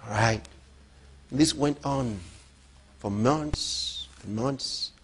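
A middle-aged man preaching a sermon as a pastor, emphatic, moving between loud outbursts and low, quiet storytelling. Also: very slow, slight background noise.

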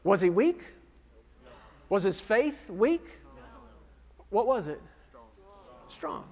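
In a reverberant church sanctuary, a pastor in his thirties preaches very slowly in a high, sing-song voice. He's jokey and self-deprecating, quizzing the congregation and poking fun at himself.

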